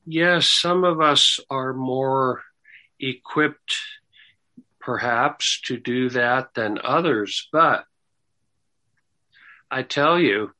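A man teaching the Bible in a sermon style, slow and halting, with repeated words and apologetic asides, building to emphatic rising stresses. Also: medium pitch, sharp tone, low-quality recording. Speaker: Bible teacher answering questions.

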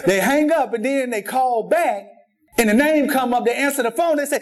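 A man's extremely high-pitched voice carries through a church sanctuary as he preaches at a moderate pace. His sermon is lively, built on jokes, stories, and lots of repetition.

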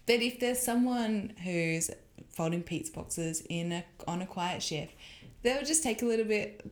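A woman's voice: mid-range voice, unhurried, reverberant. A woman in casual chat, explaining things in a matter-of-fact way and laughing along with the others. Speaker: guest.

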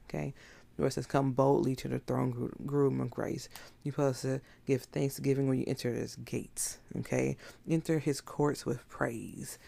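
Woman preacher, casual sermon, very gravelly, dark tone, blunt and emphatic. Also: rumbling low. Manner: emphatic, blunt, conversational preaching with rhetorical questions. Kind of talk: informal sermon.

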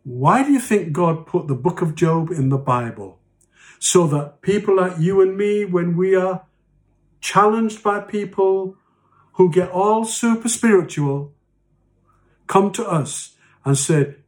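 A man preaching a sermon as pastor, slow and earnest, dropping soft and low on key phrases. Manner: slow, earnest preaching with mocking quoted voices.

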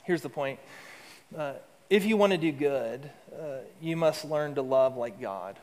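A man delivers a sermon as pastor, his voice sitting a little high for a man. He swells to emphatic lines, then drops into soft, low asides. The sound carries a long reverb, as from a big hall. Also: animated, measured pace.

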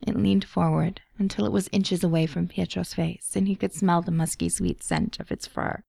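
A woman narrating a story in a measured way, her low voice carrying a gravelly texture. The tone is dark and mellow. The recording is dry and close. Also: lively intonation, no echo. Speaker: podfic reader. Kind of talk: dramatic audiobook narration.

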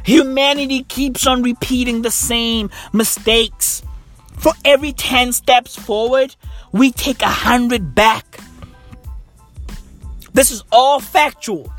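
A man's voice: very high voice, fairly bright tone. A man ranting casually and profanely, rambling and repeating himself. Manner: rambling, repetitive, heavy swearing. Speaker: vlogger.

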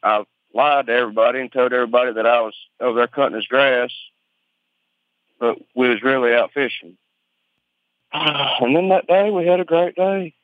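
A Southern man with an Alabama drawl talks over a tinny, dry phone line. He tells his story casually and at length, swearing freely and stumbling into restarts. His voice sits at an ordinary middle pitch. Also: no room sound. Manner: rambling, informal, profane, halting restarts. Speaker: interviewee on a phone call. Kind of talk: conversational storytelling.

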